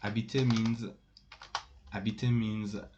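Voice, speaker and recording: A man teaching a casual online language lesson, speaking slowly and haltingly with many fillers and restarts. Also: lowish voice, little pitch movement, lo-fi sound, noisy background. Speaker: French teacher.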